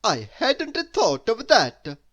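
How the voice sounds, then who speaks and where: A woman voicing an eager, naive male seal who talks loudly and excitedly in a storybook reading. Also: fairly high pitch, takes it slowly, voice pushed up, full character voice. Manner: loud, excited, pleading.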